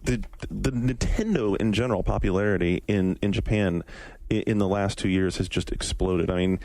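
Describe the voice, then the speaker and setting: A man hosting a casual podcast, leading the news segments in a relaxed way. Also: fairly low pitch, moderate pace, dry recording. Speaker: podcast host. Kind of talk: casual chat.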